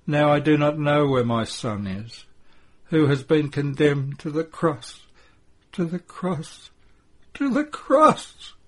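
A grieving mother, read by a man, speaks in breathless, pleading bursts that climb high and loud. The voice is husky and carries a devotional story. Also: measured pace. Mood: anguished. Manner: pleading, breathless, rising to cries. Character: grieving old mother, gentle but anguished.

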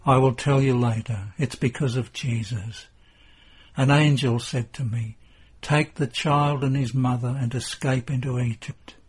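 A man reading the part of Joseph, an anxious husband speaking low and urgently to his wife. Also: steady tone, measured pace, husky.

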